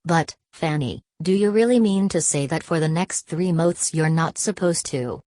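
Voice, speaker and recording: A woman's voice: sits low, moderate pace, dark tone, no echo, clean studio sound, lightly acted. A woman reading the lines of a defiant, protesting young woman in an audiobook.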